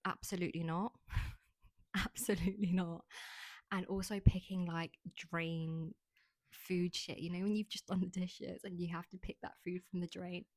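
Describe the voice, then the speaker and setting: A woman's voice: on the low side, level tone, moderate pace, darkish tone, no room sound. A young woman hosting a podcast, talking casually and frankly about herself with lots of "like" fillers. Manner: chatty, frank, heavy use of "like". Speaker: podcast host. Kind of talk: casual monologue.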